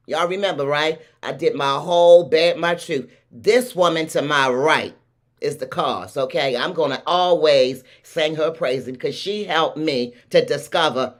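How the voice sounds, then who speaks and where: A woman's voice: deep voice, normal speed. A woman from Baltimore with a Baltimore accent, hosting a livestream talk show and hyping up her audience in an effusive way. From Baltimore, USA. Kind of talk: hyped livestream show intro.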